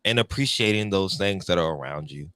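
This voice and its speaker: A man's voice: sits low, lively intonation, a little fast, bright, forceful tone, no echo. A young man co-hosting a podcast, chatting animatedly and leading segments in a reflective tone. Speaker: podcast co-host. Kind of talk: casual podcast chat.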